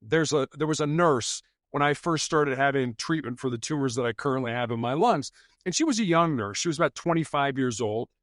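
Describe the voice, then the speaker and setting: A man's voice: medium pitch, a little fast, no room sound, clean studio sound. A middle-aged man, a former police officer, telling stories in a podcast interview and acting out bits of dialogue as he goes. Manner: animated, acts out quoted dialogue. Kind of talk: conversational storytelling.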